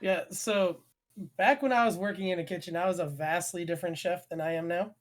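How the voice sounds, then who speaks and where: A man's voice: high-pitched, brisk. A young man, a former chef, co-hosting a casual podcast and telling heated, profane stories. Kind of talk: casual chat.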